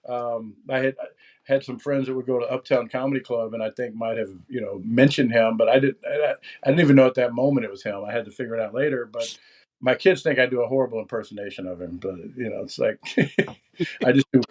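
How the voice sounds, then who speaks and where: A man's voice: medium pitch, fast talker. A man who is a guest on a podcast, chatting casually with many hesitant restarts. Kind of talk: casual chat.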